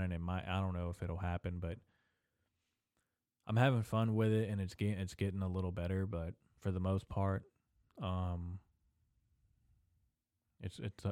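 A young man with a low voice rambles through a solo podcast rant, peppering every sentence with swearing and casual slang. He talks straight into a studio mic on a stand, and the sound is close and dry. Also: a little mellow, dry recording. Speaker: podcast host. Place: small echoey room in an old building.

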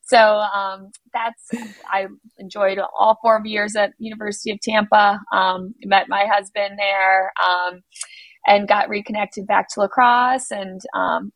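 A woman in her thirties from Maryland's Eastern Shore, answering interview questions in a friendly, steady way with many ums. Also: mid-range voice, measured pace, no room sound, low-quality recording. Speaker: guest, business owner.

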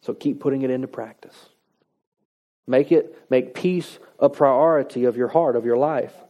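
A man's voice: medium pitch, moderate pace, dark tone. A man preaching a sermon in a conversational, folksy way, reading scripture and adding plain-spoken asides. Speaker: pastor.

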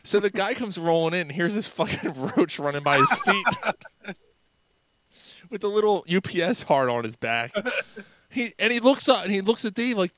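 A man's voice: high-pitched, sing-song, normal speed, fairly bright tone, dry recording. A middle-aged man, telling a rambling work story with laughs and swearing. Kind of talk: casual storytelling.

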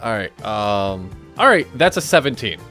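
A man's voice: on the low side, sing-song, moderate pace, pushed and bright, soft background music. A man playing a tabletop role-playing game, talking casually and swearing now and then. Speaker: player.

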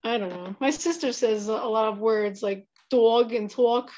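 A woman's voice: on the high side, a little slow, highs cut off. A woman from Pennsylvania in casual podcast chat, telling stories and laughing often. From Pennsylvania, United States. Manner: chatty, laughs often, lively storytelling.

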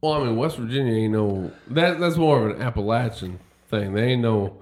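A man's voice: medium pitch, fairly quick, a little mellow, reverberant. A man in improvised comedy banter, talking in a giggly country drawl. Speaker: comedy podcast cast member.

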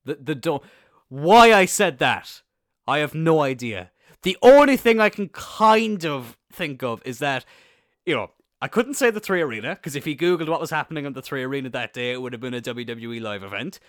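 A young man with an Irish accent telling a rambling story in a casual monologue, swearing freely and bursting into excited laughter. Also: fairly high pitch, normal speed, no room sound, studio quality. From Ireland. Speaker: podcast host.

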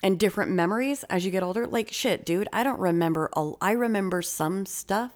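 A woman host chatting on a true-crime podcast at a middle pitch. Her talk is loose and profane, and she rushes through some stretches in quick bursts. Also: a little mellow.

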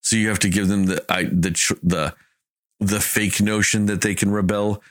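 A man's voice: fairly low pitch, flat delivery, moderate pace, dry recording, clean studio sound. A man in casual chat, ranting in an exasperated way, swearing and acting out lines of dialogue. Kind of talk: casual movie review chat.

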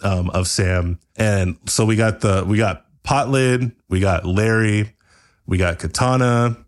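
A man hosting a podcast, improvising a comedy story with rambling asides and laughter, often jumping into high character voices. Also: a little slow. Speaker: podcast host.

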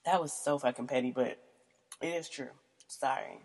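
A woman's voice: extremely low pitch, normal speed, darkish tone, breathy edge. A young woman vlogger reading out questions and answering them in a casual, blunt, profane way, often laughing.

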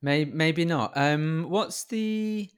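A man's voice: on the high side, extremely slow, clear, resonant tone. A man in casual, rambling chat, joking and laughing often. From Britain.

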